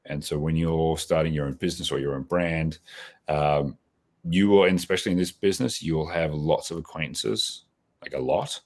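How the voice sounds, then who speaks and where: Very deep-voiced Australian man in his forties. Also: moderate pace. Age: 40s. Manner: reflective, with many restarts and tag questions. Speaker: podcast guest. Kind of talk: casual interview answers.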